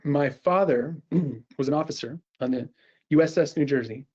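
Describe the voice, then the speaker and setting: A middle-aged man gives a lively sales pitch and walks through a software demo, his voice sitting fairly high for a man. He talks fast and conversationally, often restarting his sentences. The audio sounds dull and a bit lo-fi. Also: breathy edge. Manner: energetic, conversational, full of quick restarts. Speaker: sales presenter.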